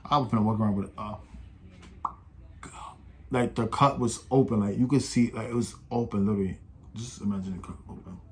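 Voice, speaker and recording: A man's voice: fairly low pitch, fairly even intonation, a little fast, long pauses, darkish tone, slight background noise. An eighteen-year-old man telling a casual storytime, rambling and slangy, with many restarts and quoted voices. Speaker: vlogger.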